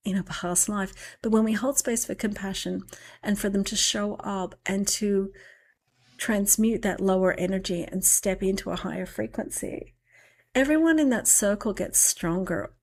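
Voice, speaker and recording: A woman in a reflective spiritual conversation, slowly telling of a meditation with drawn-out, musing pauses. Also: mid-range voice, a little mellow. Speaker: spiritual podcast speaker.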